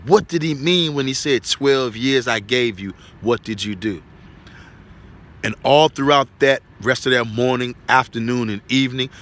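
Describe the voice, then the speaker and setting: A man's voice: mid-range voice, a bit bright. A man giving an earnest spoken religious testimony, repeating himself and checking in with tag questions.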